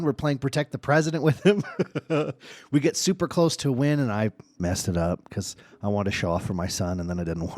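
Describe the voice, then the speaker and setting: A man's voice: mid-range voice, no echo. Man telling stories on a dry mic. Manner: animated, swings from hushed to excited. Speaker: podcast host. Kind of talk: solo casual storytelling.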